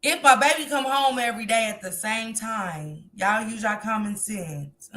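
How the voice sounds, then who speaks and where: A woman talking to her live-stream viewers in a loose, animated way. Her voice is bright and edgy, at a middling pitch. She addresses the audience directly as she comments. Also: unhurried. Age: grandmother. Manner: animated, talks straight to viewers.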